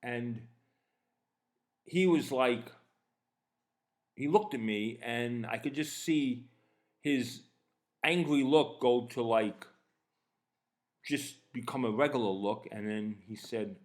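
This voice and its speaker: Guy in his 50s telling a story, gets animated doing both sides, cusses a lot, mid voice. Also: medium pitch, slow pace, long pauses. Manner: animated retelling, acts out both sides with swearing. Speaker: podcast host. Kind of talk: casual storytelling.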